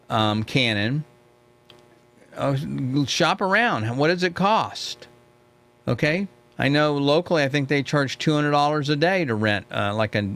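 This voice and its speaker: A middle-aged man talks through a live mentoring session in a loose, chatty way. He tells stories as he goes and keeps checking in with his listeners. His voice sits at an ordinary middle pitch. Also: a bit bright. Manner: chatty, storytelling, keeps asking "okay?". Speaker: host. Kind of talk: live-streamed mentoring talk.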